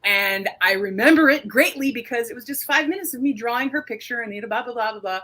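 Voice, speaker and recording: Animated woman telling a story on a panel. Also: fast talker. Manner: animated, big upward pitch jumps when telling a story. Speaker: panelist, artist and podcaster. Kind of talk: casual panel discussion.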